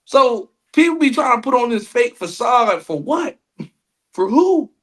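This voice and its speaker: Podcast co-host, man, high voice, animated storyteller who acts out quotes. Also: measured pace. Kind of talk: casual comedic chat.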